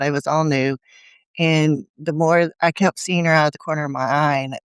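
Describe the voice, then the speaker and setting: A woman's voice: low-pitched, no echo. A woman guest in a conversational interview, telling earnest stories and acting out her own inner voice. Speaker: guest speaker.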